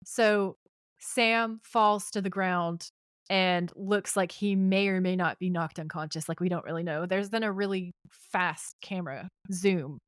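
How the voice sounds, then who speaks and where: A woman's voice: on the low side, fairly even intonation, measured pace, clear, resonant tone, no room sound, studio quality. A woman co-hosting a podcast, chattily recapping a TV episode and reading out its dialogue with asides. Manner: retells scenes and reads out dialogue with chatty asides. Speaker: podcast co-host.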